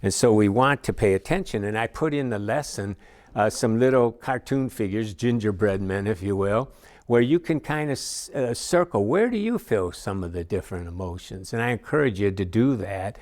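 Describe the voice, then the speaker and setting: Man, middle-aged, low-pitched, class lecture, folksy, chatty asides. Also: expressive, normal speed, darkish tone. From Chicago area. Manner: conversational and folksy, with many asides and fillers. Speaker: teacher of a recovery class.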